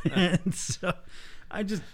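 A man in casual comedic banter, blunt and deadpan with dark jokes. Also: high voice, slight background noise.

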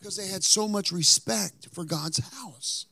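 Emphatic storytelling preacher, dry close sound. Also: male voice, high-pitched, a little slow, creaky, dry recording. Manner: storytelling preacher, rising to loud emphatic outbursts; drops to a whisper for emphasis. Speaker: pastor. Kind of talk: sermon.

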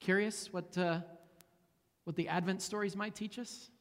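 A man's voice: high voice, steady tone, measured pace. A pastor in his forties preaching a sermon and leading a prayer in a conversational way, often repeating words and restarting phrases. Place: church sanctuary. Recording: long hall reverb.

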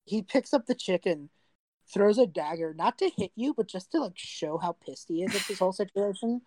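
A woman's voice: mid-range voice, expressive, normal speed, darkish tone, no room sound. A young adult woman narrating a tabletop game as game master in a casual, rambling way with many fillers.

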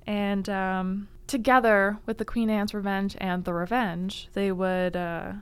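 A woman's voice: medium pitch, level tone, a little slow, clean tone. A young woman casually telling a history story on a library podcast, laughing often and saying like and um a lot. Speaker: library staff guest presenting book picks.

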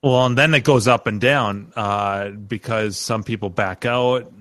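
Host, male, bright forceful tone, dry close sound, loose joking call banter. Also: lowish voice, steady tone, unhurried, no echo. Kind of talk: casual chat over a video call. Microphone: video call.

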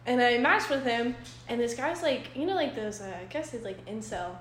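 A woman's voice: on the high side, animated, moderate pace, fairly bright tone. A young adult woman chatting casually, blunt and laughing as she tells gross stories. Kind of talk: casual chat. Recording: roomy echo with crowd noise.

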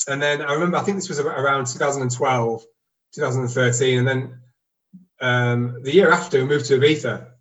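A man's voice: medium pitch, fairly even intonation, brisk, a bit bright, distant mic, rough recording. A man in his forties tells his own story in a casual, reflective way. He is candid and self-deprecating, and he stops and restarts as he talks. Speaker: guest telling his story.

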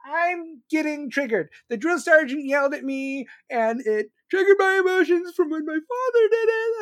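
A man voicing a whiny, oversensitive young male army recruit in a high, whining mockery. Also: no room sound, full character voice.

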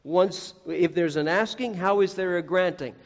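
A high-voiced man preaching an earnest sermon, talking straight to his listeners and acting out the voices he quotes. His voice rings through a large hall with a long echo. The recording is dull and lo-fi. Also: moderate pace. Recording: echoey hall, dull lo-fi sound.

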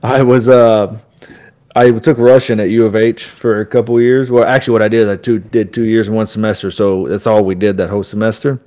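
A man's voice: on the low side, little pitch movement, darkish tone. A man with a Texan accent co-hosting a podcast, talking casually with frequent restarts and a joking tone. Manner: halting, many restarts, joking. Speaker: podcast co-host.

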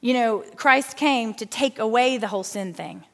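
A middle-aged woman teaching a lively church Bible lesson in a chatty, animated way, talking straight to her listeners. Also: a little high, normal speed, gravelly. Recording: long hall reverb.

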